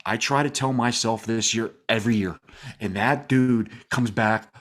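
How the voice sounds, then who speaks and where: A man co-hosting a casual sports podcast, telling stories in an animated, laughing, exaggerated way. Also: medium pitch, moderate pace. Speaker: podcast co-host.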